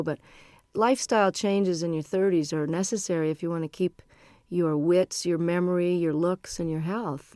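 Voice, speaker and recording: A woman's voice: low-pitched, a little mellow, no room sound, studio quality. A middle-aged woman musician being interviewed, talking in a chatty, rambling, frank way. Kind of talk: casual interview chat.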